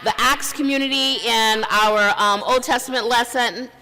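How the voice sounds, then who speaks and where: A middle-aged woman pastor, preaching a sermon in a conversational, humorous way and slipping in asides. Her voice sits a bit high. The church hall gives her a long, ringing reverb. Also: fairly even intonation, moderate pace, bright, forceful tone. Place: church sanctuary.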